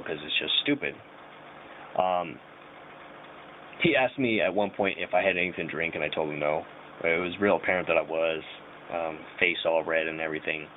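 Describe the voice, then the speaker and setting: A young man casually telling a rambling personal story, full of slang and fillers. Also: deep voice. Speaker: vlogger. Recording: tinny phone-like audio with faint hiss.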